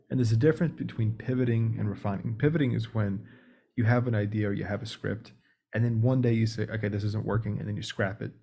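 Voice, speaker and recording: A man, a guest on a podcast, explaining sales techniques in a relaxed, practical coaching way. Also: fairly low pitch, gravelly, husky. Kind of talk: casual explanatory interview talk.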